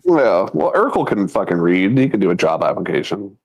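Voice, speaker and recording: A man's voice: low-pitched, big pitch swings, fairly quick. A young adult man co-hosting a podcast, swearing freely and laughing through crude banter. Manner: crude, profane, laughing, jumping into voices. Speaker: podcast co-host.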